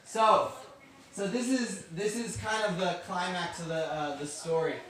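Man teaching a Bible story, fairly high voice, echoey large room, a bit far off, faint hiss. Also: unhurried. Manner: animated, asks the class questions. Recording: echoey room, distant mic.

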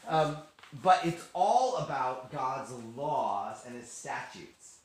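A man giving a casual, animated Bible lesson to a youth group, acting out quotes and laughing as he goes. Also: mid-range voice, slow pace. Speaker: youth teacher. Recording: very echoey room, faint hiss.

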